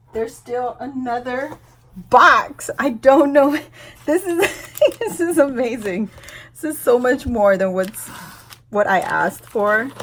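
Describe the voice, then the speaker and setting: A woman in her forties from Guam, hosting a casual unboxing vlog at home, gushing, laughing often and close to tears with excitement. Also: on the high side, a little hiss or hum. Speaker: YouTube host.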